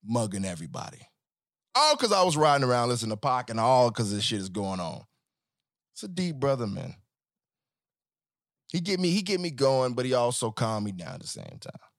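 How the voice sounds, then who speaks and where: A man hosting a podcast in a casual solo monologue, profane and animated, swinging between joking and earnest talk. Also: medium pitch, a little fast, creaky, long pauses, dry recording, clean studio sound. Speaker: podcast host.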